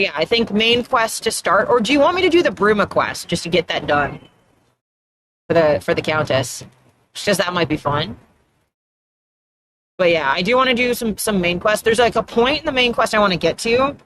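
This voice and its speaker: Casual woman streamer, Atlantic Canadian accent, mid-range pitch, rambling talk with a faint hum behind it. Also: a bit bright. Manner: rambling and chatty, often trailing off and restarting. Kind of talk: casual chat while gaming on a live stream.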